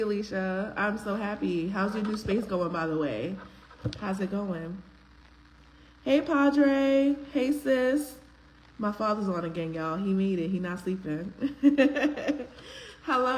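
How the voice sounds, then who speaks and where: A woman's voice: mid-range voice, slight background noise, rough recording. A woman, hosting a live faith-based talk stream, greeting viewers by name in a chatty way with frequent ums. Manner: uses casual slang, filler ums. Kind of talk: casual live-stream chat.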